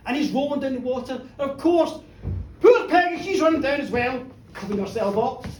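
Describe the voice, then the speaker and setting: A middle-aged woman spinning a comic tale for a live pub audience, high-pitched and wildly animated, with cheeky asides to the crowd. The room rings around her, heard from a distance with a faint murmur behind. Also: a little fast, roomy sound, a little hiss or hum. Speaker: storyteller. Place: pub bar, live show.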